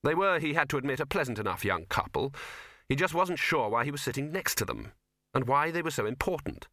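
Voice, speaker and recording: Man narrating with a lively, bright voice. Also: medium pitch, fairly quick, no room sound. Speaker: audiobook narrator. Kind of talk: scripted narration. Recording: dry close studio recording.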